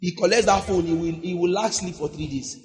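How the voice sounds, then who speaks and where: Animated Nigerian preacher man, high voice. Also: a little fast, in a large hall, slight background noise. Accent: Nigerian English. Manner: animated, acts out scenes, laughs, shouts at climaxes. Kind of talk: lively sermon with congregation banter.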